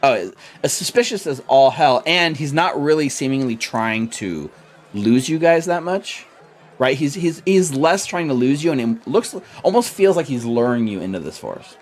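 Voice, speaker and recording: A man's voice: mid-range voice, animated, moderate pace, faint music behind. A man narrating as game master, loose and chatty with lots of fillers.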